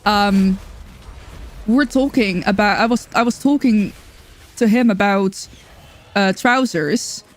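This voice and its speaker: A woman streaming a game in casual chat, chatty, excitable and self-mocking. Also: mid-range voice, slow, long pauses.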